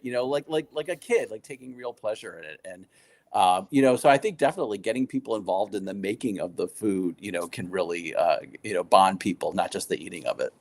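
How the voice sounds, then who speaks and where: Animated man telling stories on a call. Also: fairly low pitch, fast. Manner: animated storyteller, many fillers, laughs often. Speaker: guest, food writer and baker. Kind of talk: casual chat.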